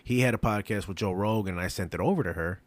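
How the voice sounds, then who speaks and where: Low-voiced, swearing podcast host. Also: male voice, quick pace, no room sound. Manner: swears often, enthusiastic and loose. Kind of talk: casual podcast chat.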